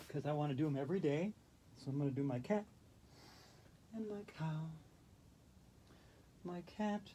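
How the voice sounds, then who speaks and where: A man leading a yoga routine in a gentle, playful, chatty way. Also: fairly high pitch, a little hiss or hum. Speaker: yoga instructor. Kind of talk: guided yoga instruction.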